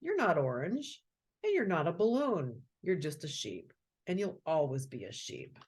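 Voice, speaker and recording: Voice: medium pitch, wildly swooping pitch, normal speed, breathy edge, heavily acted. A reader voicing an older, dismissive sheep from the flock in a children's story. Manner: scoffing, matter-of-fact.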